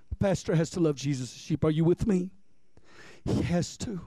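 A high-voiced, mellow pastor delivers his sermon at a normal speed. Chatting with the congregation, he repeats key lines and checks how they're following. It's a dry, close recording.

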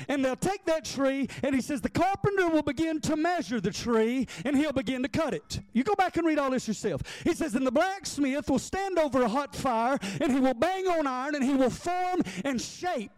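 A man preaching a sermon, in an emphatic, repetitive cadence with drawn-out phrases. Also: very high-pitched, dry recording, rough recording.

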